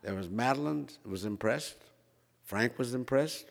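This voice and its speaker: A man's voice: medium pitch, measured pace, gravelly. An older man from Minnesota telling a self-mocking personal story, chatty with frequent fillers. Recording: reverberant hall.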